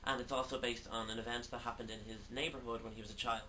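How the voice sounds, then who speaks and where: A man's voice: medium pitch, flat delivery, fast talker. A man giving a casual video film review, talking hesitantly with many fillers. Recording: distant mic, faint background noise.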